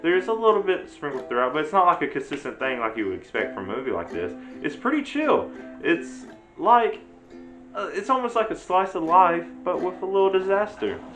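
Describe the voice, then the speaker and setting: A man's voice: high-pitched, big pitch swings, a little fast, a bit bright. A man giving a casual, rambling spoken review of a show, chuckling often as he chats. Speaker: anime reviewer. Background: faint ukulele music.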